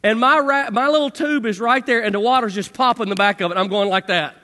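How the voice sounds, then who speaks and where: High-voiced man telling a story animatedly. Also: brisk, in a large hall. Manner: lively, acts out shouts and sound effects. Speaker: speaker telling a personal story.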